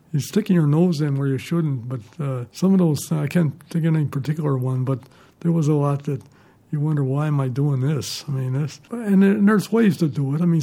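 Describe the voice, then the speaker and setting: Older male ex-reporter, mellow and fairly high, chuckling raconteur. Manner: rambling, chuckling anecdotes. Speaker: retired newspaper reporter. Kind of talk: storytelling in an interview.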